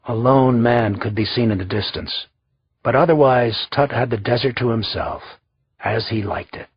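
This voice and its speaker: A man reading a historical thriller audiobook in a steady, measured narration. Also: mid-range voice, slightly rough, dry recording, muffled recording. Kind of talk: scripted narration.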